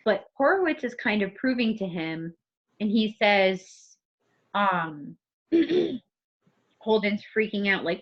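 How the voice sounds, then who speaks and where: A woman's voice: medium pitch, sing-song, takes it slowly, pauses often. A woman teacher co-hosting a casual literature podcast, thinking aloud and reading passages from the book. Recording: muffled recording.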